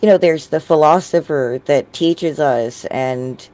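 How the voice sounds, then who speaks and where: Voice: medium pitch, measured pace, darkish tone. Podcast host, casual talk, filler-heavy, mid-range voice, online call. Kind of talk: casual discussion.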